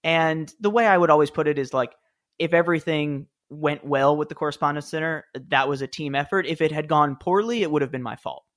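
Casting note: man, thirties, earnest storyteller, slightly higher voice, interview guest. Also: a little fast, a bit bright. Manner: earnest, storytelling, frequent restarts. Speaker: former presidential speechwriter, author. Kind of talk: casual interview chat.

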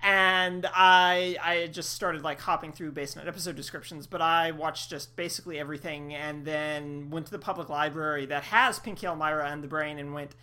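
Woman co-host, low bright voice, loose rambling chat. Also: steady tone, moderate pace, hardly any pauses, clean tone. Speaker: podcast co-host. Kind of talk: casual chat.

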